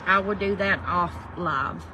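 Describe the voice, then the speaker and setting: Reading viewer comments aloud, the host answers people by name with a folksy warmth during a relaxed livestream. Her voice sits on the low side and moves a little slowly, and there's noise behind her.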